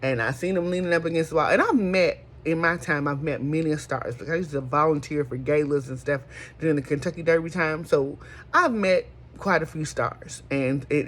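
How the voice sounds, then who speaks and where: A woman's voice: low-pitched, a little hiss or hum. A middle-aged woman, hosting a folksy casual chat and calling listeners honey. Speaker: host.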